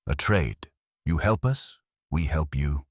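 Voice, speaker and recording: A man voicing a polished, courteous ghost captain of an eighteenth-century British warship who is quietly menacing, in a scripted horror story. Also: extremely low pitch, lively intonation, takes it slowly, no room sound, clean studio sound, full character voice. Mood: silky menace.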